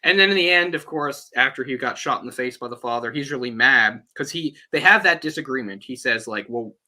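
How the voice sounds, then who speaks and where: A man's voice: mid-range voice, a little fast. A man hosting a podcast, talking casually and animatedly about a film and acting out lines from it. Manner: animated, acts out quoted lines. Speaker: podcast host.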